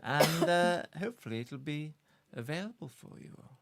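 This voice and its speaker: A man co-hosting a music chat stream, talking casually and pausing often with fillers. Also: fairly high pitch, expressive, creaky, background noise. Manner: hesitant, full of "uh" fillers. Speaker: co-host, singer-songwriter.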